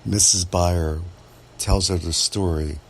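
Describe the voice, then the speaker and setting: A man, a real estate agent, telling a true story from his work in a measured, dramatic way. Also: sits low, steady tone, slight background noise. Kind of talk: first-person storytelling podcast.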